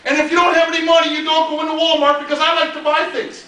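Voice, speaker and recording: A man's voice: very high voice, monotone, fast, bright, forceful tone, recorded from a distance. A Midwestern American man, a pastor, telling a funny story in a sermon with lots of laughter. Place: church hall in a mall. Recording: very echoey hall from afar.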